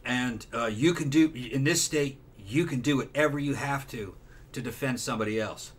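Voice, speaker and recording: A man's voice: medium pitch, normal speed, a little hiss or hum. A man hosting a casual podcast chat, emphatic and opinionated, swearing often. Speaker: podcast host.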